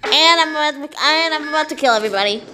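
A woman voicing SpongeBob, an excitable and goofy cartoon sea sponge, playing a video game and chattering to viewers. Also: high-pitched, fast talker, heavy background noise, natural voice. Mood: excited.

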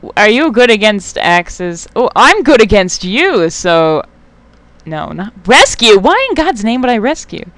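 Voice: medium pitch, very animated, unhurried, fairly bright tone, no room sound. A young adult gamer giving casual let's play commentary, swearing often, getting worked up and talking back to the game.

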